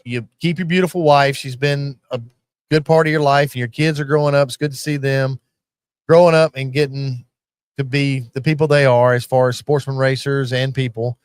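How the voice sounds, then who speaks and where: A man's voice: medium pitch, fairly even intonation, moderate pace, clear, resonant tone, dry recording, studio quality. A man hosting a live podcast, talking in a folksy, casual way and swearing easily. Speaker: podcast host. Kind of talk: casual banter at a live taping.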